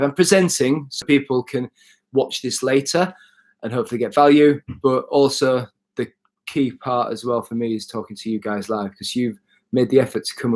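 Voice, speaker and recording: A man chatting casually on a live stream, showing his bike gear and answering viewer comments as he goes. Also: medium pitch. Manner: chatty, self-correcting, reads out viewer comments. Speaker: cycle touring vlogger.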